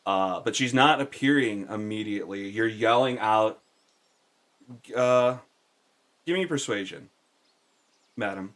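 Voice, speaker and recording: Low-voiced man running a tabletop game. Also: a little slow, long pauses, fairly bright tone. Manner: casual, meandering narration with fillers. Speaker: game master.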